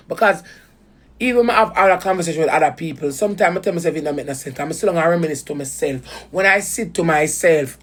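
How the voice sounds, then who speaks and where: A woman with a Jamaican accent, ranting heatedly to viewers about a betrayal, swearing in patois. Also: deep voice. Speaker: vlogger. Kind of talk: emotional personal rant to viewers.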